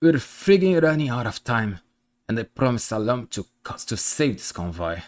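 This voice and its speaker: Man playing a harried woman soldier, gruff, put-on accent, swearing under pressure. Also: medium pitch, very animated, normal speed, darkish tone, natural voice. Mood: frustrated.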